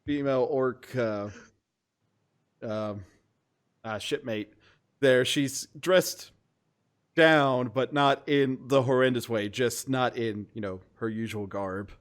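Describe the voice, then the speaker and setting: A man's voice: medium pitch, steady tone, takes it slowly, long pauses, clear, resonant tone. Laid-back man running a tabletop game. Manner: laughs often, loose and joking. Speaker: game master.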